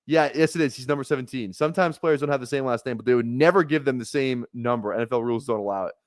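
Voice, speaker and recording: Man, casual live-stream chatter, mid-pitched voice, dry close sound, rambling with fillers. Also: fast talker, no echo. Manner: laid-back rambling with frequent laughs and swearing. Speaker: fantasy football streamer drafting live.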